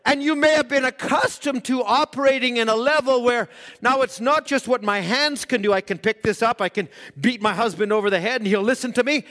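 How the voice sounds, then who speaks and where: A man preaching a sermon, swinging from loud exhortation to hushed, acted-out quotes. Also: extremely high pitch, brisk, hardly any pauses. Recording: long hall reverb.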